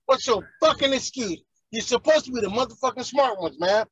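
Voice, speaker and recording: A man's voice: extremely high pitch, animated, brisk, fairly bright tone, muffled recording, a little hiss or hum. A man, ranting heatedly and profanely in casual chat as a podcast co-host.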